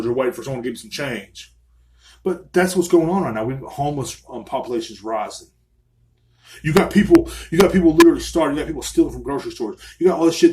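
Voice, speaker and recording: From a small room, a man whose voice is on the high side and a little mellow hosts a solo podcast full of angry, profane ranting, swearing constantly throughout.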